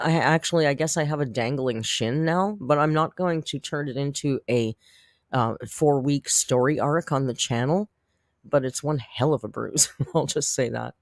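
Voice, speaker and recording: A man's voice: fairly high pitch, no echo, clean studio sound. A man hosting a casual livestream, chatting with viewers in a rambling, self-deprecating way and laughing often. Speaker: YouTube commentary host.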